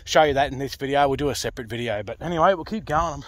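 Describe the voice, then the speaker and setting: An Australian man talking casually to camera outdoors, rough-spoken and swearing freely, out of breath from hauling a load. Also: medium pitch, very fast, no room sound. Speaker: pig hunter. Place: outdoors in the bush.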